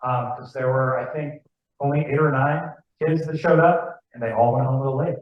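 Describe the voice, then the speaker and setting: A man's voice: medium pitch, steady tone, moderate pace. Man, casual club talk, chatty, asks the audience questions, muffled distant recording. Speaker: club demonstrator giving a talk. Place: club meeting room. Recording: far-off, echoey, muffled room recording.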